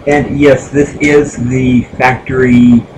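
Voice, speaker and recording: A man chats slowly through a home live stream, drifting between thoughts with many pauses and restarts. His pitch sits in a plain middle range. A steady hum of fans and room noise carries clearly under his voice. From United States. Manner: rambling, halting, many fillers and restarts. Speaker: gaming streamer. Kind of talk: casual live-stream chat.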